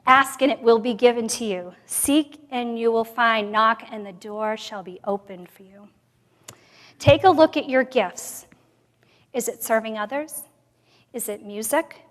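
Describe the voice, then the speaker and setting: A woman with a fairly high voice gives a sermon at a women's conference, mixing personal testimony with scripture. She drops to near-whispers and then rises to emphatic bursts. Her voice rings with the long reverb of a church sanctuary. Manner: expressive, swings from soft to loud. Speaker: conference speaker.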